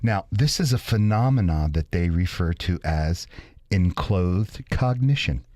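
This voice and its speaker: Male radio co-host, low voice, dry close sound, casual rambling chat. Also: expressive, a little slow, darkish tone, dry recording. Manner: rambling, retells a study loosely.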